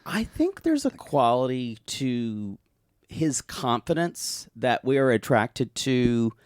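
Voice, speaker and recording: A man's voice: mid-range voice, big pitch swings, smooth, dry recording, studio quality. A man co-hosting a podcast, chatting casually and rambling with many restarts. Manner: rambling, restarts often, does quick impressions. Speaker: podcast co-host. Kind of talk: casual recap chat.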